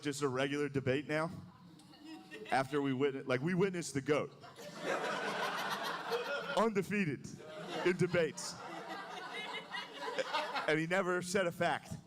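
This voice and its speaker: A man's voice: fairly high pitch, measured pace, long pauses, a loud crowd. A man doing a stand-up comedy set on a club stage, talking loosely with lots of "like"s. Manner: loose, conversational delivery with many "like"s.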